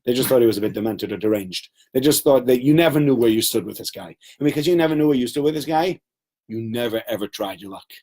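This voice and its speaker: A man's voice: mid-range voice, expressive, fast, a little mellow. A man giving a Torah lesson to a class, telling stories with animation and acting out quotes. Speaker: Torah teacher.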